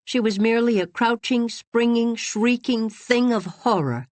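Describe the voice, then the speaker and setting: A woman reading a novel aloud as an audiobook narrator, in an expressive, dramatic storytelling manner. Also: fairly high pitch, measured pace, no room sound. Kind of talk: scripted narration.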